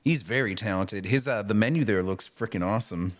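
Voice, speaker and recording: A man co-hosting a podcast in casual chat, laid-back and high, laughing often and swearing. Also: a little fast. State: high on marijuana. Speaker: podcast co-host.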